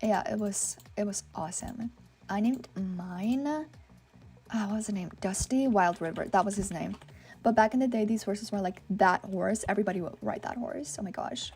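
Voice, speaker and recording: A young woman hosts a casual gaming vlog, reading out viewer messages and reacting with chatty, excitable commentary. Her voice is mellow and warm, sitting at an ordinary middle pitch. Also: normal speed, faint music behind. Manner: chatty and excitable, full of "oh my gosh" and "like"; reads viewer submissions aloud and reacts to them. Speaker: gaming channel host.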